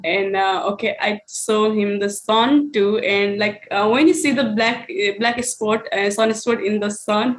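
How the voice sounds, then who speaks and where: A woman's voice: medium pitch, fairly even intonation, unhurried, hardly any pauses. A woman telling an online star party about her outreach work, speaking hesitantly with many fillers over a video call. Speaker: outreach presenter.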